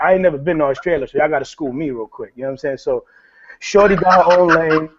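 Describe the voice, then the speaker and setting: Male panelist, slangy and lively, slightly high voice, lo-fi audio. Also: fast, very noisy. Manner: slangy, animated, casual. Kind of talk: panel discussion. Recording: dull lo-fi sound.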